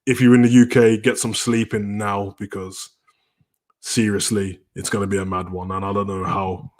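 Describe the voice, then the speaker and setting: A relaxed man chatting on a live stream, wandering from one thought to the next as he answers his viewers' messages. His voice sits a little low, and he loosely tags sentences with a familiar catchphrase. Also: moderate pace. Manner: relaxed, rambling, answers chat messages aloud, often tags "you know, like that". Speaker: wrestling stream host. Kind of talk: casual live-stream chat.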